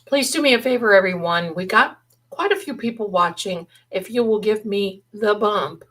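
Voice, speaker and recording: A woman's voice: mid-range voice, normal speed, fairly bright tone, rough recording. A middle-aged woman hosting a livestream, chatting in a rambling, casual way and thinking aloud. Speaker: livestream host.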